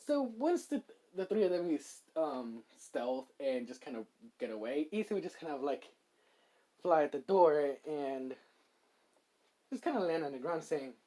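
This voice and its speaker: A man's voice: a little high, sing-song, a little slow, mellow. Rambling man telling a fan story. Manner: rambling, many fillers and hedges. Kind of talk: improvised fan story narration.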